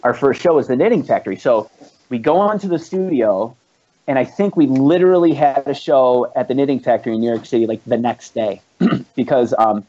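Profane rambling storyteller, muffled lo-fi recording. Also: male voice, medium pitch, fairly quick, warm tone. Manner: profane, rambling anecdotes with laughs. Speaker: band founder and musician, guest. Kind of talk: casual storytelling chat.

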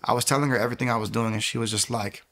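A man telling his own faith testimony in an earnest, quick way, with lots of filler words and restarts, acting out the people in his story. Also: medium pitch, steady tone, a bit bright. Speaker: guest sharing a faith testimony.

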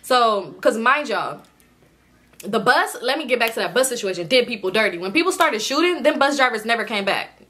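A woman from the Los Angeles area tells a story in a high, bright, sharp voice. She talks casually and curses freely, laughing her way through it. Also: fairly quick. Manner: profane, animated, often laughing while talking. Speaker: vlogger telling a story.

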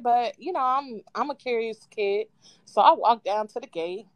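A woman calling in to a live show, casually telling a childhood story with lively quoted voices and frequent laughs. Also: high-pitched, dry recording. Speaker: caller. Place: at home on a live call. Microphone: phone.

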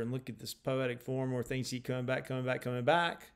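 A man explains a poem in an unscripted lecture, with a gravelly, creaky edge to his mid-pitched voice. He thinks aloud as he goes, restarting phrases and letting sentences trail off before pressing on. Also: level tone, brisk, few pauses. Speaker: literature lecturer. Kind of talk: informal spoken lecture.

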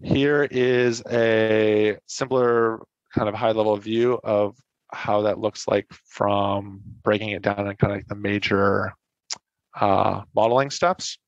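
A man's voice: on the low side, steady tone, slow pace, dry recording, dull audio. A man presenting a technical lecture at a meetup, explaining in a casual way, with frequent fillers and restarts as he corrects himself. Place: online meetup talk.

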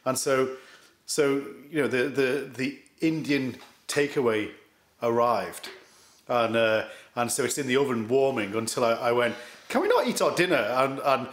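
A man who teaches karate, telling a story in casual chat with a dry, teasing manner and halting restarts. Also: mid-range voice, steady tone. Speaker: karate instructor, podcast guest. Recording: roomy echo.

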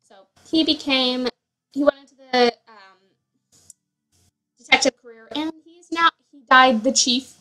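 Rambling young woman, slow chatty talk. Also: sits high, fairly even intonation, pushed and bright, low-quality recording. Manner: chatty, rambling with many fillers and self-corrections. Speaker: Sims player. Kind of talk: casual gameplay commentary.

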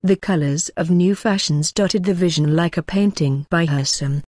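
A woman narrating a novel in a measured, lyrical reading. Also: on the low side, a little mellow, dry recording, clean studio sound. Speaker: audiobook narrator. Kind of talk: scripted narration.

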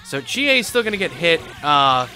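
A woman hosting a let's play, giving casual gameplay commentary in an expressive, jokey way and getting spooked easily. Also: deep voice, normal speed, faint music behind.

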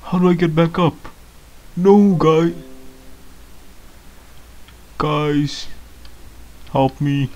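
A man's voice: a little high, very slow, long pauses, darkish tone, dull audio. A man giving comedic gameplay commentary as a clueless beginner, whiny, easily startled and rambling with lots of ums. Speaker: gamer playing a clueless beginner.

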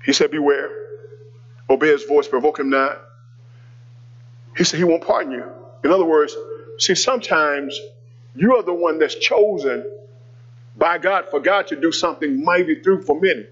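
Male pastor, sermon storytelling, husky, higher voice, dull lo-fi recording. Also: normal speed, fairly bright tone. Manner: conversational preaching with call-outs to the congregation.

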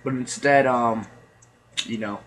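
A man's voice: mid-range voice, fairly even intonation, takes it slowly, fairly bright tone, poor audio. Rambling, joking gameplay commentator guy. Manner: rambling, joking, laughs often.

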